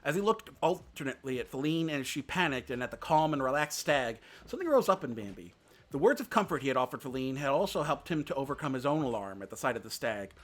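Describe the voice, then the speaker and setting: A man's voice: mid-range voice, lively intonation, fast talker, fairly bright tone. A man reading a classic children's story aloud on a live stream, narrating expressively. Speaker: VTuber reader.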